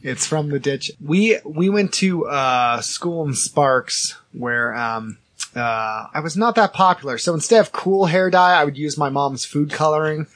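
A man in his thirties spins a long yarn on a casual podcast, jumping into the voices of the people in it. His voice sits a little high for a man and has a husky edge. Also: a little slow. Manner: animated storyteller, acts out quoted dialogue, laughs often. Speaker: podcast co-host. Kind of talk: casual storytelling chat.

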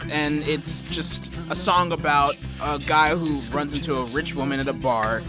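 Low-voiced woman in casual chat. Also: moderate pace, loud music behind the voice. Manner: joking, swears freely, acts out quotes. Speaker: podcast co-host.

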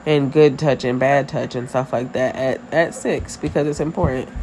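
Podcast co-host, woman in her thirties, animated storytelling, faint background hiss. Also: very deep voice, normal speed, low-quality recording. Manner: animated storyteller, laughs often. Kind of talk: casual chat.

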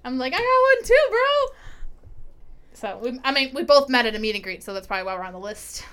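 A woman's voice: mid-range voice, rapid-fire, fairly bright tone, smooth. A young American woman co-hosting a podcast, telling rambling stories in casual chat, full of "like". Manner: rambling storyteller with many likes. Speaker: podcast co-host.

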